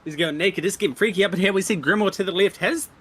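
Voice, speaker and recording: Rapid-fire male esports co-caster. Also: high-pitched, a bit bright, breathy edge. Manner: rapid-fire, auctioneer-like calls. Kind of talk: rapid play-by-play commentary.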